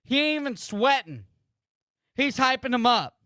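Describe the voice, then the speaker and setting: A man in his thirties rants through live watch-party commentary, repeating himself and swearing freely. His voice sits very high and bright, swinging widely in pitch. The sound is dry and close. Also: big pitch swings, a little slow, no room sound. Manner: ranting, repetitive and profane. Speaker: sports streamer host.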